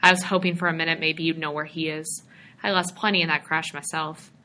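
Folksy real estate man, chatty and rural-sounding, bright tone, read by a woman. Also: low-pitched, flat delivery, brisk, slight background noise. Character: folksy middle-aged male small-town real estate man.

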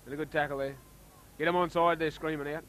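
An Australian man giving casual, chatty commentary on a local rugby league match, getting excited when play heats up. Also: fairly high pitch, quick pace, rough recording.

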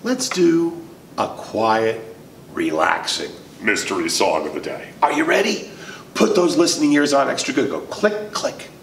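A man with a medium-pitched, creaky voice leads a children's sing-along lesson, telling a playful story and calling out to the kids. He speaks unhurriedly with huge pitch swings. The roomy, distant-mic recording has background noise and a guitar.

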